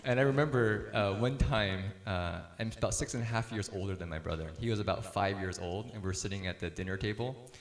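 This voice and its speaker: Man giving a relaxed talk, echoey room. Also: fairly low pitch, brisk, few pauses. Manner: relaxed storyteller, laughs easily, acts out quotes. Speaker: speaker on parenting. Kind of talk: casual talk to a group.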